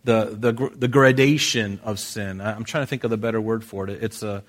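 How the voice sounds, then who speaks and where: A man's voice: on the low side, fairly even intonation, fairly quick. Man preaching a conversational sermon. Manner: conversational preaching with frequent restarts. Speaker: pastor.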